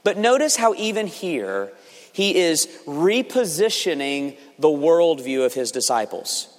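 A man's voice: fairly high pitch, sing-song, unhurried. A man preaching a sermon as a pastor, speaking earnestly and building force for emphasis, with some restarts. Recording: long reverb of a large hall.

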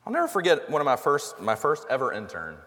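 A man's voice: medium pitch, wildly swooping pitch, fast talker, a bit bright. A man preaching a sermon in a conversational, earnest way, full of rhetorical questions. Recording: long reverb of a hall.

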